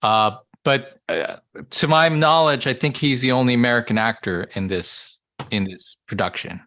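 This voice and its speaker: A hesitant man shares what he knows in a casual group chat, pausing often. His voice sits at an ordinary pitch. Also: sharp tone. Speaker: table read participant.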